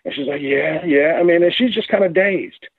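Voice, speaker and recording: A man calling in to a radio talk show, telling his story in a rambling, halting, excited way. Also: on the high side, slightly rough, no room sound. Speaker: caller. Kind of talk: casual phone-in story. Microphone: phone. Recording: tinny phone line.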